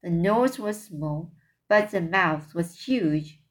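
A woman's voice: fairly low pitch, animated, slow. A woman reading a children's book aloud, with small stumbles and self-corrections. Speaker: reader.

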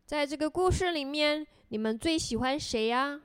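A woman reading a children's picture book aloud in a gentle, sing-song way, then teaching words to kids. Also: high voice, normal speed, no echo. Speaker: storyteller for children.

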